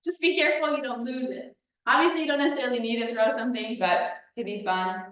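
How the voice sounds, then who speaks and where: Breathy woman coaching a workout, echoey. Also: a little high, fast, a bit bright, far from the mic. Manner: cueing breaths while demonstrating moves. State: a little out of breath. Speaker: fitness coach. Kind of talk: workout instruction.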